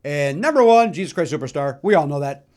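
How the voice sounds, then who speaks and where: A middle-aged man from the Chicago area hosting a solo podcast, telling stories in a chatty, animated way with lots of fillers. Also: a little high, fairly quick. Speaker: podcast host. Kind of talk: solo musical nostalgia talk.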